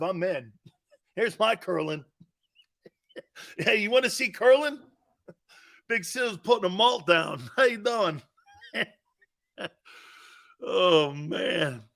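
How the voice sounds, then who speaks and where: A man's voice: high-pitched, lively intonation, slow pace, gravelly, long pauses, a bit bright. A man hosting a sports talk show, joking and rambling between laughs.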